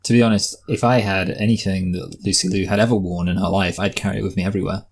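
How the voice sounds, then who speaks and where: Man, low voice, podcast co-host, rambling, jokey. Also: steady tone, fast, breathy edge. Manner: rambling, jokey, trails off and restarts. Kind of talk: casual chat.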